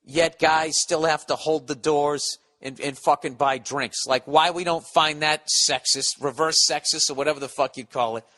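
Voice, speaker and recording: A man's voice: fairly high pitch, steady tone, normal speed, hardly any pauses, bright, forceful tone. A man hosting a podcast, ranting in a casual, profane, sarcastic and rambling way. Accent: Boston. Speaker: podcast host. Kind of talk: casual comedic rant.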